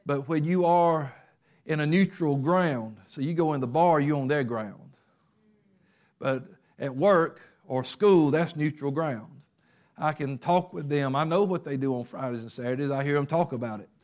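A man preaching a sermon in a conversational way, acting out little quotes and often pausing with fillers. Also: a little high, a little mellow. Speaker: pastor.

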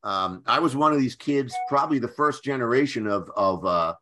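Bright-voiced older man telling stories. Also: mid-range voice, expressive. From Philadelphia area, USA. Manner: halting, with many restarts and fillers. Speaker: guest screenwriter. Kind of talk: anecdotal storytelling.

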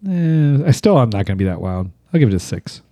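A man's voice: lowish voice, sing-song, quick pace, mellow, dry recording. A man in a casual chat, telling laid-back stories and laughing at his own jokes.

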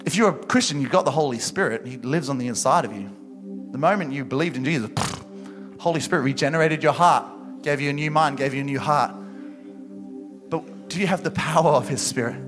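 A young man preaching a passionate sermon at a church service, building to loud exhortation. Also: on the high side, fairly quick, over music. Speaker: pastor.

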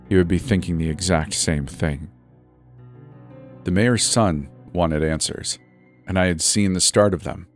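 A man reading a horror story as a scripted first-person narration, measured and sometimes drifting soft and slow. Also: deep voice, vocal fry. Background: faint music.

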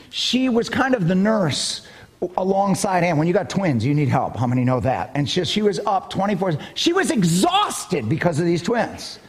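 Animated older male pastor preaching. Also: high voice, breathy edge. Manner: animated storytelling, emphatic bursts. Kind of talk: sermon. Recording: long hall reverb.

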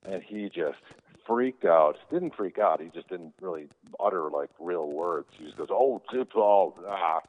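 With a deep voice at a normal speed, this actor rambles through relaxed anecdotes as an interview guest, leaning heavily on fillers. The sound comes across tinny and phone-like.

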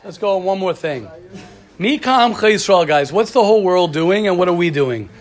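With a high-pitched voice at a moderate pace, this man teaches a religious study class, keeping it casual and lively with stories and by calling on students by name.

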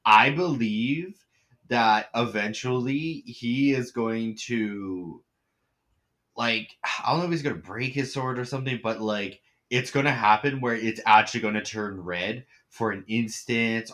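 A man's voice: lowish voice, moderate pace, a bit bright. A man in casual chat about an anime, laughing often, swearing casually and acting out reactions.

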